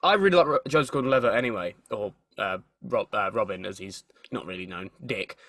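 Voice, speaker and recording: Bright-toned, animated young man chatting. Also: fairly low pitch, fairly quick, no echo, clean studio sound. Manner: animated, swears freely, repeats words while thinking. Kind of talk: casual chat.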